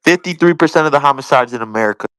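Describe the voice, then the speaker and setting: A man's voice: medium pitch, very fast, a bit bright, smooth. A man calling into a talk show, protesting and complaining about being muted. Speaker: caller. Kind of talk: heated call-in argument.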